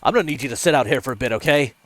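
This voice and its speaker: A man doing a brisk, commanding police officer. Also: medium pitch, expressive, a bit bright, voice pushed up, lightly acted. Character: hurried, firm male police officer at a crash.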